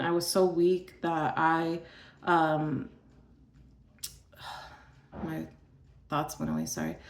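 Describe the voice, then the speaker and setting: Chatty woman telling her story, roomy sound. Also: fairly low pitch. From Arizona. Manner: chatty, filler-heavy, sighs between thoughts. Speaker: vlogger sharing her illness story. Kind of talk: casual storytelling.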